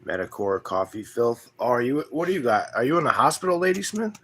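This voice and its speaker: Man, livestream host, relaxed drawl, crude joking, rambling chat, mid-pitched voice. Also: brisk, husky. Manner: relaxed drawl with loose grammar and fillers. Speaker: homestead channel host. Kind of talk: casual livestream chat with viewers.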